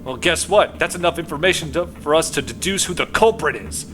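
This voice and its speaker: A man voicing a gruff male police detective who needles a suspect and bursts into shouted threats, with game music behind. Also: a little high, fairly quick, pitched above the performer's own voice, lightly acted. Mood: menacing.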